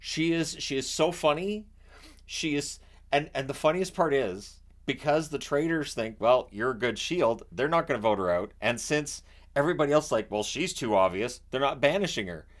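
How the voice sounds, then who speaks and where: A man from Canada chatting casually about a reality show he watches, animated and often restarting his sentences. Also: mid-range voice, moderate pace. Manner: animated, acts out quotes in raised voice; repeats and restarts words often. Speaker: vlogger. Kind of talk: casual chat.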